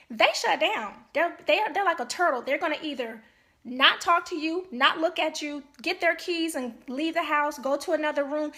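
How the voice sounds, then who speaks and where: A woman's voice: high-pitched, bright, forceful tone. A woman marriage counselor giving an earnest, emphatic talk to couples, often checking in with "okay?".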